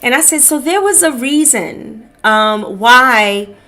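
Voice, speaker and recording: A middle-aged woman hosting a podcast, telling a personal story in a slow, reflective way and calling her listeners beloved. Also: fairly high pitch, expressive, pushed and bright. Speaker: podcast host. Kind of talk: personal testimony, casual talk.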